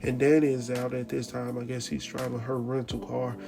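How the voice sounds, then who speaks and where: A male recap host talks in a gravelly, mid-pitched voice and keeps it animated and slangy. A clear music bed plays under him the whole time. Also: moderate pace. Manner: animated, slangy, laughs often, jumps into quoted voices. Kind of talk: casual TV recap commentary.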